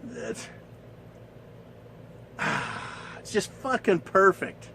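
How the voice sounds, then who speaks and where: A man's voice: sits high, big pitch swings, very slow, bright, forceful tone, a little hiss or hum, poor audio. A man ranting in a coarse, scornful monologue, swearing and laughing at his own points. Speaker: commentator.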